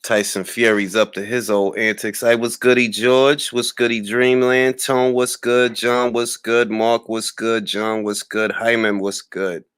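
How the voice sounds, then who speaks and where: A man in the middle of a fired-up livestream rant, trash-talking with scornful laughs and shout-outs to his chat. His voice sits at an ordinary pitch and sounds close and dry, with no room around it. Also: little pitch movement, a little slow, hardly any pauses, clear, resonant tone, dry recording. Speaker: boxing talk show host. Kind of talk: livestream commentary, greeting chat.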